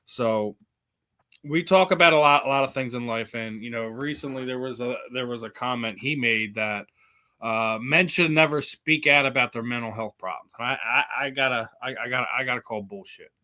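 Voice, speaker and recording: Dude podcast host rambling, real bright sharp voice, repeats himself a lot. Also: male voice, mid-range voice, normal speed. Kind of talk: casual podcast interview.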